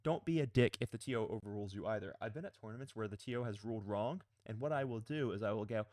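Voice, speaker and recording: Blunt, lively-voiced man giving game advice. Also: mid-range voice, rapid-fire, few pauses, dry recording. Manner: blunt, emphatic, mildly profane. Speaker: pro player and coach. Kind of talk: casual advice video.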